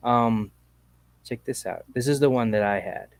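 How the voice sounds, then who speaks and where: A man hosting a casual call-in chat show, talking in a relaxed, slangy, rambling way. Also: medium pitch, moderate pace, no room sound. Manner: laid-back, slangy, rambling. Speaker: podcast host.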